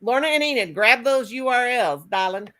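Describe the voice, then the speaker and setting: A woman's voice: a little high, expressive, moderate pace, pushed and bright. A woman hosting a casual livestream chat, folksy and talkative, laughing often and reading out viewer comments. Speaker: livestream host.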